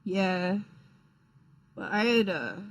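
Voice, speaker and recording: A young man rambles through stories on a live stream, swearing freely and tripping over his own restarts. He sounds sleepy and unhurried, with a casual, offhand delivery. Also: high voice, animated, poor audio. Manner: rambling, profane, frequent fillers and restarts. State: tired, yawning.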